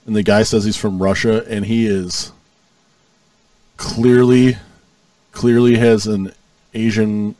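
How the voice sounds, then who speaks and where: A man's voice: fairly low pitch, level tone, slow, pauses often, dark tone, no room sound, distant mic. A man co-hosting a comedy podcast, rambling through stories in casual chat with stammering restarts. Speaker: podcast co-host.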